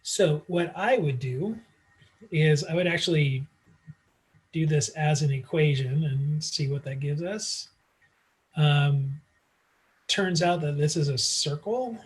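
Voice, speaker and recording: A man's voice: a little high, slow pace, pauses often. A man teaching math in a casual online lecture, working through problems aloud with frequent fillers, recorded on a computer mic. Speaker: math instructor.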